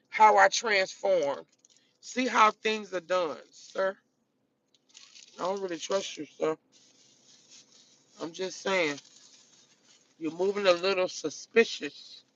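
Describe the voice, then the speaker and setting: A woman's voice: mid-range voice, pushed and bright, no room sound, lo-fi sound. A woman chatting casually to her viewers on a live stream from a car, emphatic and repetitive, calling them baby, honey and girl.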